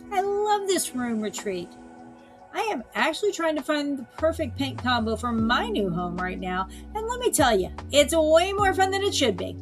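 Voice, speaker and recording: A woman realtor presenting a home decor vlog in a bubbly, playful way, with jokey asides. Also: high-pitched. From Florida.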